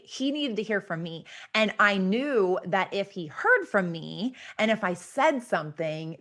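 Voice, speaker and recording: A woman's voice: medium pitch, a bit bright. A woman podcast host telling a personal story in a chatty, rambling way, full of filler words.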